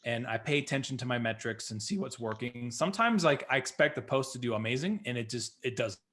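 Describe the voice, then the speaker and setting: A man's voice: mid-range voice, expressive, a little fast, fairly bright tone. A man hosting a podcast interview, talking casually with lots of "like" and "you know". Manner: chatty, filler-heavy with lots of "like". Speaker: podcast host.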